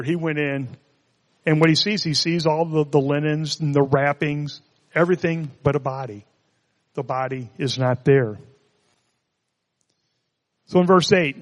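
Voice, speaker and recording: A man's voice: on the high side, in a large hall. A man preaching a sermon, reading scripture and adding conversational, joking asides. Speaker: pastor.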